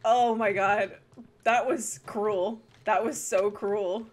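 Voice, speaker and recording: A young woman streaming a video game, chatting casually, laughing often and breaking into excitable outbursts. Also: medium pitch, slow. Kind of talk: casual livestream chat while gaming.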